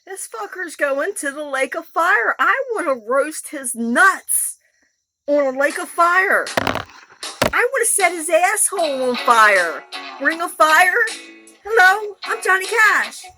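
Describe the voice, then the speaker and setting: Very high-voiced woman, blunt and profane. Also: lively intonation, slow pace, low-quality recording. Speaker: woman telling her personal story. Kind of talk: raw emotional monologue. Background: music.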